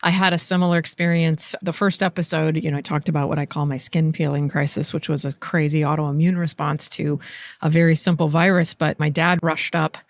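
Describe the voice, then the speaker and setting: A woman hosting a podcast, talking candidly and swearing freely, animated when she retells stories. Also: deep voice, brisk, no room sound. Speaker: podcast host. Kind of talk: casual interview chat and closing narration.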